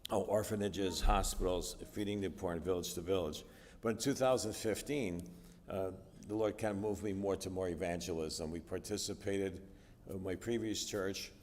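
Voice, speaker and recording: A man's voice: sits low, a little mellow, a little hiss or hum. A middle-aged man from the United States giving a personal testimony sermon in a church, telling his story conversationally with frequent fillers. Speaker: guest speaker. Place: church sanctuary. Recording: distant reverberant church hall.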